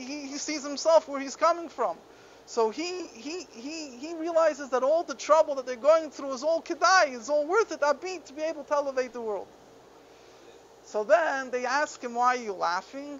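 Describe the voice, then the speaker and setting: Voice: sits high, a bit bright. A Torah teacher giving a Chassidic text class, explaining stories earnestly and often restarting mid-sentence. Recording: dull lo-fi recording with faint background noise.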